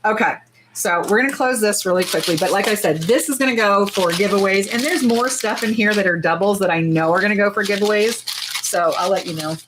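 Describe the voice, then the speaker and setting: A woman's voice: mid-range voice, brisk, noisy background. Chatty, bubbly woman with a lilt. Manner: chatty and bubbly, many fillers, gushes over tiny things. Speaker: nail art livestream host. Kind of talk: casual livestream chat. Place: indoors under lights.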